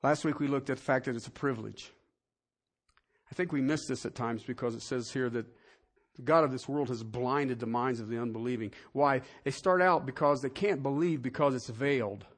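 A man's voice: mid-range voice, fairly quick. A man preaching a sermon as pastor, talking in a conversational way and often asking the congregation questions.

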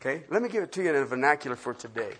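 A pastor teaching a Bible-study sermon, asking the listeners questions and swinging from loud emphasis to quiet asides. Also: mid-range voice, lively intonation, very fast, slight background noise.

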